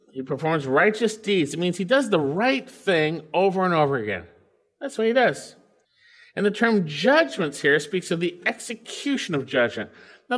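A man preaching with a slightly raised, lively voice that climbs high for emphasis and then drops low and quiet. He reads scripture aloud, then unpacks it, often asking the congregation questions. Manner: emphatic, swings from loud highs to quiet lows. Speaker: pastor. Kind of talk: verse-by-verse sermon.

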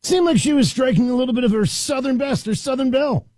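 A man's voice: very high-pitched, fast, a little mellow, a little hiss or hum. A middle-aged man hosting a talk radio show, delivering an opinionated, sarcastic monologue in a conversational way.

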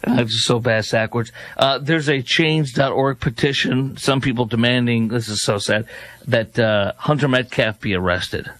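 A man's voice: mid-range voice, moderate pace, a bit bright, no echo. A man hosting a commentary show, scornful and sarcastic as he reacts to clips. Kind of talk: opinionated news commentary.

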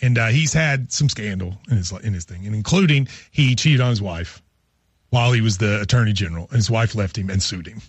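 A man hosting casual morning radio banter, chatty and teasing, with halting restarts. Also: lowish voice, husky, no room sound. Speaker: radio show host.

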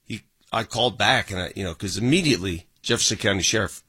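A man's voice: lowish voice, fast talker, breathy edge, no room sound. A man hosting a casual talk radio show, telling stories animatedly and acting out the dialogue. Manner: animated storytelling, acts out quoted dialogue.

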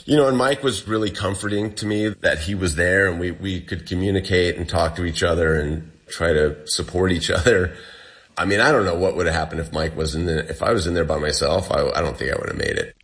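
Speaking a bit fast in a low-pitched voice, a man being interviewed shares how he survived an ordeal. He's animated and casual as he tells it, voicing the quoted dialogue of those around him.

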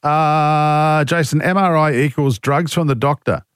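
A man's voice: on the high side, unhurried, clean tone, no room sound, clean studio sound. A man hosting talkback radio, joking, poking fun at himself and reading out listener texts in a casual chat. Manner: joking, self-mocking, reads listener texts aloud. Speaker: radio talk show host. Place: radio studio.

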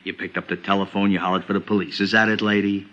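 An actor playing a blunt, skeptical police sergeant in a 1940s radio drama, gruff and sardonic. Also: male voice, deep voice, little pitch movement, fast, sharp tone, highs cut off.

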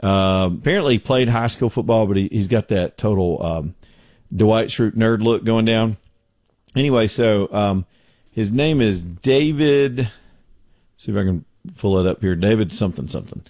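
A man's voice: on the low side, normal speed, darkish tone, dry recording. A middle-aged man hosting a talk show from his home studio, telling stories in a folksy, joking way. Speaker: radio show host. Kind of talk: casual talk show chat.

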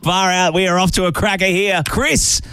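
A man with an Australian accent hosting a call-in radio show, excitable and quick to laugh, calling people mate. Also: sits high, clear, resonant tone, no room sound, clean studio sound. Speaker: radio host.

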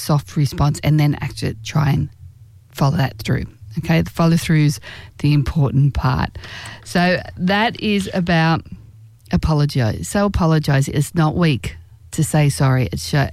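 A woman giving relationship advice in a direct, earnest way, slowing down to stress key phrases. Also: low voice, a little mellow, dry recording. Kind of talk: direct-to-camera advice talk.

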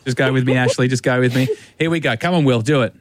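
A man hosting a radio show, teasing callers in playful, excitable banter. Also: mid-range voice, fast, slight background noise. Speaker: radio host.

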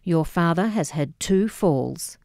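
Woman doing a flinty deadpan Scottish mum. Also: on the low side, slow, gravelly, no room sound, clean studio sound, exaggerated voice. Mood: terse. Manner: deadpan, terse. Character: terse older Scottish mother, flinty and deadpan.

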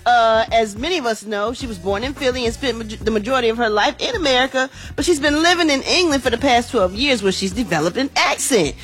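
A woman's voice: on the high side, lively intonation, fast talker, few pauses, fairly bright tone. A woman hosting a morning radio entertainment news segment, chatty and slangy, talking to listeners as y'all.

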